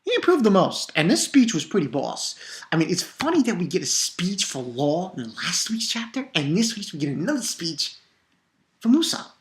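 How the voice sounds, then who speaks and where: A woman with a notably low voice reviews a manga chapter for her channel. She talks in a loose, excitable ramble, swears freely and restarts her sentences often. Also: normal speed. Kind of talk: casual video review.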